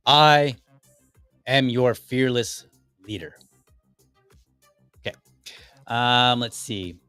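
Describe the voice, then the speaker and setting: Low-voiced man, a bit under the weather. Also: fairly bright tone, no room sound, studio quality. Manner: opinionated, rambling, frequent restarts. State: under the weather, voice deeper than usual. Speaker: podcast host. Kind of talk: casual political commentary.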